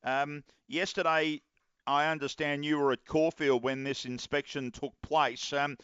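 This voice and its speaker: A man hosting a live radio interview, relaxed and chatty with his guest. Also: a little high, unhurried, clear, resonant tone, no room sound, highs cut off. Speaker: radio racing show host.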